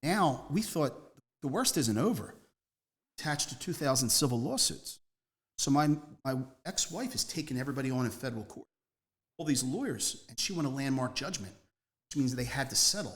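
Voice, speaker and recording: A man, speaking at a mid-range pitch for a man. He tells his story as a guest in a loose, rambling way, leaning hard on key words and hopping from one anecdote to the next. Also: very animated, moderate pace, a bit bright. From Northeast Philadelphia. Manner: rambling, emphatic, jumps between stories. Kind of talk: casual storytelling interview.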